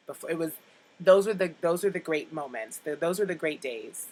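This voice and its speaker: A woman's voice: sits low, expressive, normal speed, a little mellow, rough recording. A woman in her late twenties chatting casually to camera, nostalgic and rambling as she talks. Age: late 20s. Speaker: vlogger.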